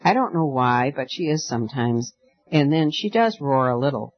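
A man voicing a gentle, wondering young girl in an audiobook story, speaking softly and tenderly. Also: medium pitch, animated, moderate pace, no echo, dull audio, close to an everyday voice. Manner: soft, tender and kindly.

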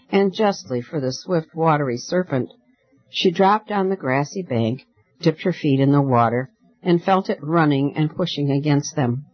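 A man narrating a fairy tale audiobook in a measured, gently expressive reading. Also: on the high side, dry recording, dull audio. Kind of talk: audiobook storytelling.

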